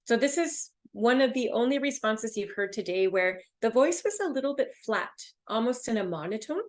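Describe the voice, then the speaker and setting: A woman with a Canadian accent teaching a test-prep webinar, speaking with lively, rising and falling intonation. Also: fairly high pitch, moderate pace. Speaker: English test instructor.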